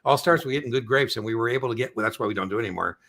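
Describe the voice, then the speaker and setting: A man's voice: medium pitch, very fast, gravelly, fairly bright tone. A middle-aged man hosting an exam prep live stream, chatting casually and telling rambling, joking stories.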